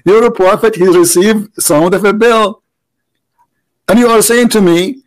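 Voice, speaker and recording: A man's voice: high-pitched, unhurried, poor audio. Teasing man. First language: Arabic. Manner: mocking, teasing, repeats himself for emphasis. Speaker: debate host. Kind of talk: casual online debate call.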